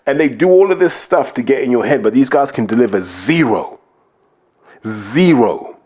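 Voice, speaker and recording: A man's voice: mid-range voice, lively intonation, moderate pace, a little mellow, husky. A man giving blunt, opinionated commentary on a podcast, emphatic and hammering his points home. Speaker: podcast host, boxing pundit.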